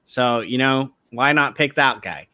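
Bright-voiced young man, slangy. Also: mid-range voice, unhurried, dry recording. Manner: casual, slangy, lots of fillers. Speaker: podcast co-host. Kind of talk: casual chat.

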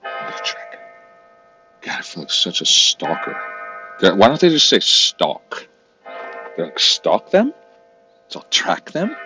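A man's voice: low voice, pushed and bright, highs cut off. A man giving casual, swearing commentary to himself while browsing online, exasperated and talking under his breath.

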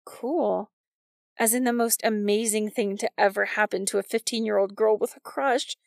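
A woman's voice: mid-range voice, steady tone, normal speed, vocal fry, no echo, studio quality, lightly acted. Woman voicing a flustered teenage girl. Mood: wry. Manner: wry, flustered, sarcastic. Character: awkward, self-conscious fifteen-year-old girl with a crush.

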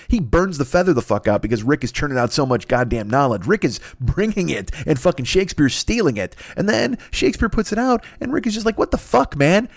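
A man in his fifties telling a rambling, profane comedic monologue, jumping into silly voices for the people in his story. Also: on the high side. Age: 50s.

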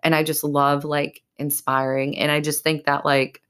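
Low-voiced woman, choked up and tearful. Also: level tone, moderate pace, a bit bright, smooth. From Massachusetts. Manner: emotional, choked up, rambling with many fillers. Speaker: podcast host. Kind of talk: casual solo podcast talk.

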